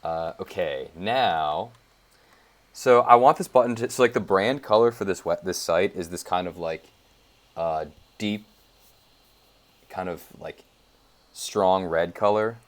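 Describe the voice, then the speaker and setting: A man's voice: deep voice, a little slow, long pauses. A young man casually thinking aloud as he walks through his code in a tutorial, with lots of fillers and side remarks. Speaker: web developer. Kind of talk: casual screencast coding tutorial.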